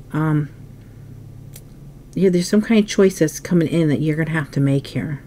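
A woman giving a casual tarot reading, musing aloud as she turns cards, often coughing and clearing her throat. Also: on the low side, mellow. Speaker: tarot reader.

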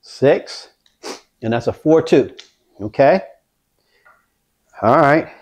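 A man vlogging his craps practice, talking viewers through each throw with excitement. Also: mid-range voice, slow pace, slight background noise. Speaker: dice-control craps vlogger. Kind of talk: casual play-by-play while throwing dice.

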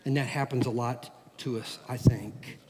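A middle-aged man, a pastor, preaching a sermon in a church, with a folksy, animated manner and homey everyday stories. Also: medium pitch, moderate pace. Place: church sanctuary. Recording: long hall reverb.

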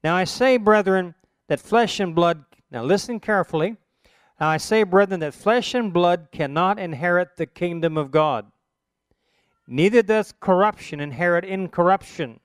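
A man's voice: high-pitched, moderate pace, clean tone, no room sound, studio quality. A man teaching a sermon, reciting Bible verses emphatically with rising, stressed phrases. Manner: emphatic, rises for scripture quotes.

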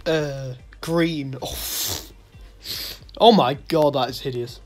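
A man's voice: on the high side, slow, darkish tone, faint music behind. A man giving let's play commentary, muttering to himself and breaking into sudden yelps and laughter. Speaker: gaming video host.

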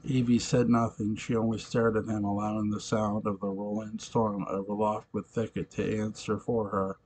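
A man narrating an amateur audiobook in a halting, deliberate reading with occasional restarts. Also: on the low side, a little mellow, husky, poor audio.

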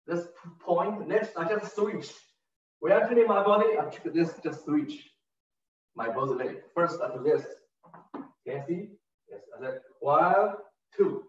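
Slow-counting tai chi teacher, man. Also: fairly high pitch, a little hiss or hum. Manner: counts beats aloud, short broken phrases. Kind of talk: step-by-step movement instruction. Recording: distant roomy lo-fi recording.

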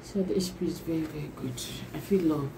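A woman's voice: low-pitched, quick pace, mellow, slight background noise, low-quality recording. A woman vlogger unboxing a new laptop, gushing and repeating her exclamations again and again, laughing between lines. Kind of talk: excited unboxing vlog.

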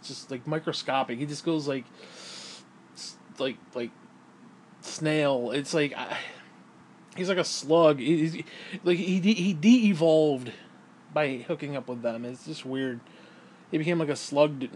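A man's voice: a little high, darkish tone, a little hiss or hum. Rambling, profane man vlogging. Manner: rambling, profane, self-interrupting, laughs often. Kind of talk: casual rambling monologue.

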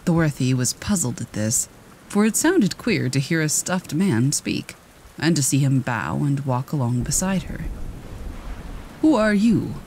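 A man giving calm, measured storybook narration of a classic tale. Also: mid-range voice, a little hiss or hum, rough recording. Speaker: audiobook narrator.

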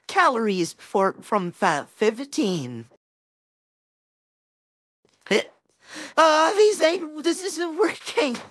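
A woman's voice: high-pitched, big pitch swings, extremely slow, pauses often, dry recording, heavily acted. A woman voicing a flustered teenage boy hero-in-training, rambling anxiously and talking himself up in a listener role-play. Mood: pleading. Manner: rambling, anxious, self-encouraging.

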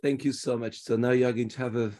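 A man's voice: mid-range voice, flat delivery, fast, mellow. French man guiding a virtual tour. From France. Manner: chatty, restarts often. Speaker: tour guide. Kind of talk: live virtual tour talk. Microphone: video call.

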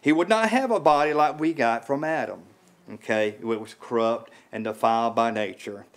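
Preaching informally to a small house church, a medium-pitched lay preacher stumbles and repeats himself with frequent fillers. When he wants to emphasize something, his voice goes up.

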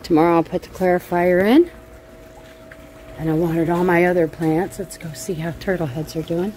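Holding her phone camera in her backyard garden, a middle-aged woman swears and vents bluntly and angrily in a casual gardening vlog. She talks at normal speed in a low, mellow voice with fairly even intonation, over slight hiss or hum.

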